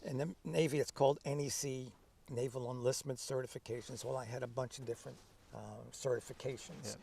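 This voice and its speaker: An older man in his seventies with a gravelly edge to his voice and a relaxed storytelling style. He tells his stories in a lively way, acting out the lines of the people in them. He sits a little away from the mic. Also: mid-range voice, fairly quick, distant mic. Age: 70s. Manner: lively, acts out remembered dialogue. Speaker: interview guest, veteran. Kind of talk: conversational storytelling.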